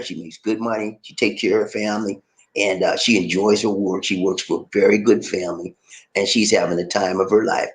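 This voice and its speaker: A man hosting a casual livestream from the Philippines, reading out viewer comments and chatting in an animated way that jumps up into high excited shouts. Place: home in the Philippines.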